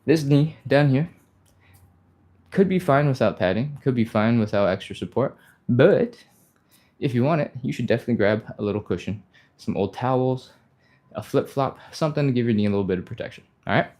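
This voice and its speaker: A man with a medium-pitched, darkish voice, lively intonation, and a fairly quick pace leads a live follow-along stretching class. He talks casually and encouragingly during the exercises, reads viewer comments aloud, and lets out breathy sighs as he gets a bit winded.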